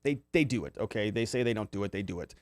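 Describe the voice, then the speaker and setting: A man's voice: lowish voice, lively intonation, quick pace, a little mellow, no room sound, clean studio sound. A man hosting a casual commentary livestream, reading viewer comments aloud and reacting in a loose, conversational way with many fillers. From Arizona. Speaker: livestream host reading chat.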